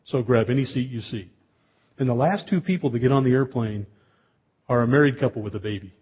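A man's voice: mid-range voice, a little fast, breathy edge, lo-fi sound. A man preaching a sermon as pastor, telling a humorous everyday story with chatty asides to the congregation.

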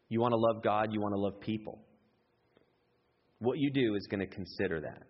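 A man preaching a sermon in an animated way, jumping up in pitch when he acts out excited voices. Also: fairly quick, long pauses, breathy edge. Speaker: pastor. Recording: echoey hall, dull lo-fi sound.

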